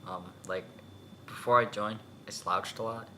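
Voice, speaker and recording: A man's voice: on the low side, measured pace, a little hiss or hum. A young man, a new sailor, telling stories animatedly in a casual podcast chat. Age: young adult. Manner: animated storytelling with quoted voices.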